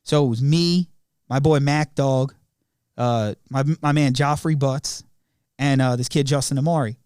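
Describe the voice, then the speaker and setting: A man's voice: medium pitch, fairly even intonation, measured pace, darkish tone, smooth, no room sound, studio quality. A young man co-hosting a podcast, telling family stories in slangy casual chat, laughing often and acting out the quotes. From Long Island, New York. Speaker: podcast co-host.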